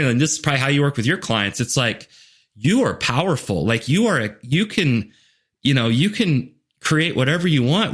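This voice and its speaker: A man with a mid-range, fairly bright voice appears as a podcast guest and leadership coach in a conversational interview. He talks earnestly and tells stories, with many "like" and "you know" fillers, and acts out what other people said in asides.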